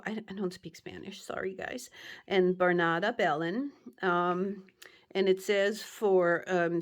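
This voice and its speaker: A middle-aged woman chatting casually as she shows her stitching and quilts, gentle and rambling, with soft laughs and fillers. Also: mid-range voice. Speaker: cross-stitch shop owner and vlog host. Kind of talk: casual show-and-tell chat.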